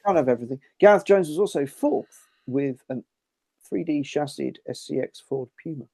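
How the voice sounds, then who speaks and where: Gravelly-voiced man reading out race results. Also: fairly high pitch, lively intonation, normal speed, dark tone, no room sound. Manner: dry, understated, reads out results. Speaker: podcast co-host. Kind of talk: casual chat.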